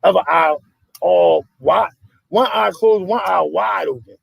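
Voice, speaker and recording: Raspy gravelly streetwise man. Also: sits high, unhurried, no room sound, poor audio. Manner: animated storytelling, streetwise slang. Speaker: podcast host. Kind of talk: casual chat.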